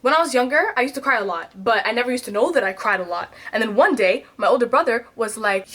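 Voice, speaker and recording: A woman, telling candid stories about herself in a vlog, swinging between loud outbursts and quiet asides. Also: fairly high pitch, lively intonation, quick pace, hardly any pauses. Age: 20s. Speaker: vlogger.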